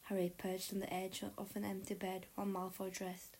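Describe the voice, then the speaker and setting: A woman reading a story aloud in a soft, breathy narrating voice. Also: medium pitch, completely flat delivery, normal speed, low-quality recording. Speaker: audiobook narrator. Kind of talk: reading fan fiction aloud.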